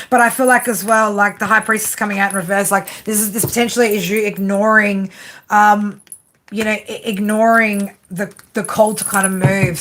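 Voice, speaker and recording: A woman's voice: mid-range voice, background noise. A woman giving a live tarot reading, talking in a rambling way with lots of fillers and tag questions. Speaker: tarot reader.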